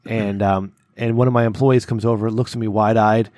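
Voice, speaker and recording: A man's voice: lowish voice, fairly even intonation, a little fast, darkish tone, no room sound. A man co-hosting a podcast, telling a work story in a rambling way, with many restarts and tag questions like "okay?" and "right?". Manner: rambling, repeats words, checks in with "okay?" and "right?". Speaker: podcast co-host; workplace boss. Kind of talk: casual storytelling chat.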